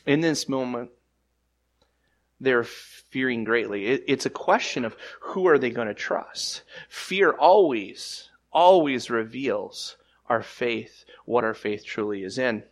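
A man preaches a sermon from the pulpit, pushing key lines up loud and high, then dropping to hushed, slower phrases. He stammers and restarts often in an unscripted way. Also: expressive. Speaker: pastor.

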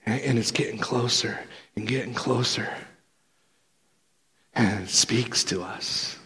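A man playing the apostle Peter as an excitable, laid-back fisherman, telling his stories in slangy first person with lots of stammered restarts. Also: mid-range voice, slow pace, slightly rough, full character voice. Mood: excited storytelling. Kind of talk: first-person character monologue.

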